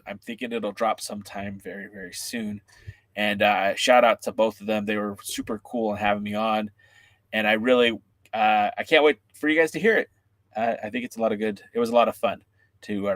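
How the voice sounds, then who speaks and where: A man hosting a wrestling podcast in a casual livestream, excitable and joking as he chats with viewers' comments. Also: on the low side, no echo.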